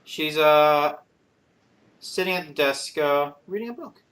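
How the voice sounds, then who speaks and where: A man narrating as game master in a tabletop game, halting often with fillers. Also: on the high side, lively intonation, a bit bright.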